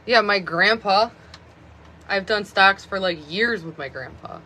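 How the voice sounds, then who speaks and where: A woman's voice: mid-range voice, a little slow, sharp tone. A woman around thirty rambling chattily on a phone live stream, with many fillers of "like". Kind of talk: casual live stream chat.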